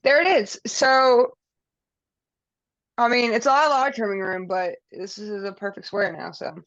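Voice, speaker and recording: A woman's voice: a little high, fairly even intonation, a little slow, a bit bright, no echo. A woman teaching quilting in a live online session, talking casually while she demonstrates at her table. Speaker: quilting instructor. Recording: dull lo-fi sound.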